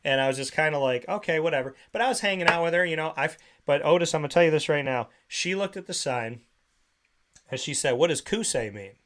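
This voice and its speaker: Male talk show host, slightly higher voice, lively storyteller who acts out the quoted voices, casual chat on a studio mic. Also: quick pace, a crowd in the background. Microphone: studio microphone.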